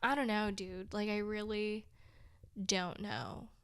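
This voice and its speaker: A young woman from a big city hosts her own podcast, rambling through a casual monologue in a steady, slow, medium-pitched voice that's smooth and a bit bright. Weary and discouraged, she's self-deprecating and laughs often, though at times she sounds near tears. The recording is clean studio sound without room noise.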